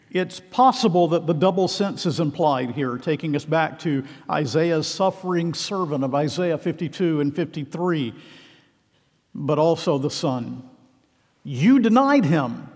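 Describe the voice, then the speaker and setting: A man delivers an earnest, emphatic sermon and presses pointed questions on his listeners. His voice sits a little high for a man. A long reverb trails behind his words, as in a large hall. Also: darkish tone. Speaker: preacher.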